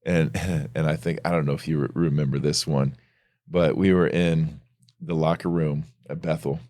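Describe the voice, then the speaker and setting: A middle-aged man co-hosting a casual faith podcast, telling stories in a loose, animated way. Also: very deep voice, normal speed, no echo, studio quality. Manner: storytelling, animated when retelling. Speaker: podcast co-host.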